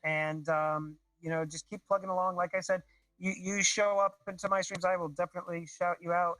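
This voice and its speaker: An eager man calling in to a video show, his nasal, congested voice sitting high and sounding bright and a little tense. The sound is dry, with no room around it. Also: level tone, brisk, no room sound, low-quality recording. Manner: enthusiastic, effusive. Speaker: caller. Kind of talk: casual video call chat. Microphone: video call.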